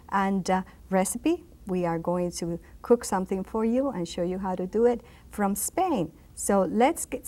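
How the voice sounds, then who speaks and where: A woman's voice: mid-range voice, dark tone. A woman teaching a televised language lesson, patiently repeating and spelling out each word. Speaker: Spanish teacher.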